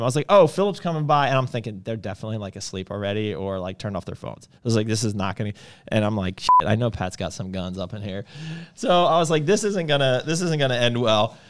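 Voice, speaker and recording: A man's voice: on the low side, noisy background. A man chatting casually, telling a loose story full of fillers. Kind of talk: casual chat.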